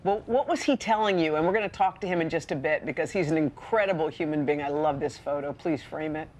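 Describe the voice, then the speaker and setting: A woman's voice: low-pitched, fast talker, darkish tone, slight background noise. A woman co-hosting a morning TV show, asking playful, teasing questions. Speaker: co-host.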